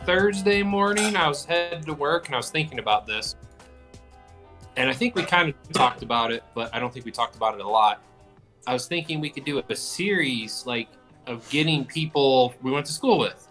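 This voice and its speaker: A man's voice: medium pitch, lively intonation, normal speed, sharp tone, faint music behind. A man co-hosting a casual podcast, rambling through stories, swearing freely and joking around. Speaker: podcast co-host. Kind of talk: casual chat.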